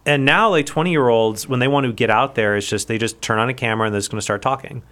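A man's voice: medium pitch, fast, fairly bright tone. A man in his forties, a guest on a radio talk show, chatting in a rambling way with many restarts. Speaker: guest speaker. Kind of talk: casual radio guest chat.

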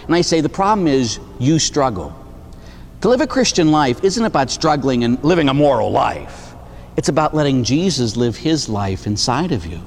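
In a mid-range voice and at a slightly quick pace, a man preaching as a Catholic priest tells lively stories, performing the dialogue and ending lines with "huh?". The recording carries faint noise and long reverb from the hall.

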